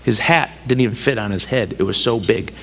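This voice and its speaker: An American man gives a public speech on foreign policy, telling stories with humorous, self-deprecating asides and driving his point home through repeated emphatic phrases. His medium-pitched voice moves fairly quickly, with a little hiss or hum.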